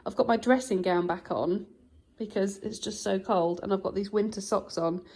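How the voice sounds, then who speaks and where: A vlogger chats easily to her viewers while filming herself on a handheld camera, her ordinary mid-pitched voice slightly rough and at a moderate pace. Talking straight to the audience, she keeps things relaxed and homely as she moves through the house and out to the garden greenhouse.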